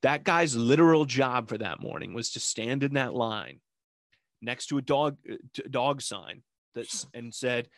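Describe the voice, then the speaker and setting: A man's voice: medium pitch, measured pace, no room sound, studio quality. A man chatting casually as a podcast co-host, telling a rambling story and acting out what people said. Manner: rambling storyteller, acts out quotes. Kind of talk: casual chat.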